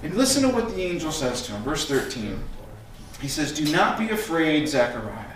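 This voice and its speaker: A middle-aged man preaching a sermon as pastor, telling stories in an animated way and acting out the scenes. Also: fairly high pitch, normal speed. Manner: animated storytelling, acts out scenes. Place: church sanctuary. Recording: echoey room from a distant mic, faint noise.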